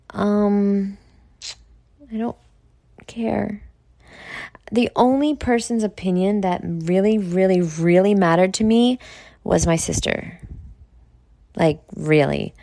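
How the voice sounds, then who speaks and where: A woman's voice: on the low side, a little mellow, dry recording, clean studio sound. A woman from New York with a New York accent, hosting a podcast in a blunt, profane, rambling monologue that drops now and then into near-whispered asides. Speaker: podcast host. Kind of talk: casual monologue.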